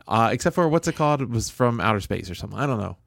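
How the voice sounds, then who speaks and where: A man co-hosting a podcast, rambling and joking in a loose, blunt way, with frequent restarts. His voice sits in a middle pitch. The sound is dry and close. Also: animated, very fast, creaky, no echo. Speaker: podcast co-host. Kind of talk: casual chat.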